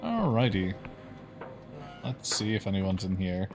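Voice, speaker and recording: Low-voiced canadian guy streaming a game, lively delivery, music behind. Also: moderate pace. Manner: dry, wry, swears casually. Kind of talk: reading game text aloud on a livestream.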